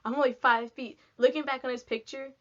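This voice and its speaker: A young woman from Texas, telling a casual storytime to camera in a chatty, animated way, acting out what people said. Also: sits high, fairly quick. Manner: chatty, animated, lots of "like", acts out quotes. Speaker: vlogger. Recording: dull lo-fi sound.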